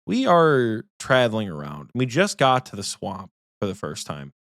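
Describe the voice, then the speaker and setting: A young man co-hosting a gaming podcast, his pitch leaping up and down as he tells stories. He swears freely and bursts into quick impressions of his friend. The studio sound is dry and close. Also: dry recording. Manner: animated storytelling, swearing, mimics friends in quotes. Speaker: podcast co-host. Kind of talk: casual gaming chat.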